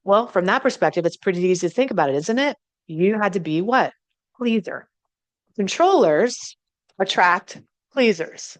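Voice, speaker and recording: Blunt, animated female relationship coach. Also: medium pitch, normal speed, no echo. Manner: blunt and animated, swears, addresses viewers directly. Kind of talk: motivational teaching.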